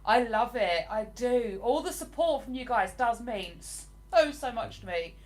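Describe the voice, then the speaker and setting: A woman's voice: on the high side, animated, measured pace. Chatty woman on a live stream. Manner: chatty and rambling, with frequent ums. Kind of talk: casual live-stream chat reading viewer comments. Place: at home in a living room.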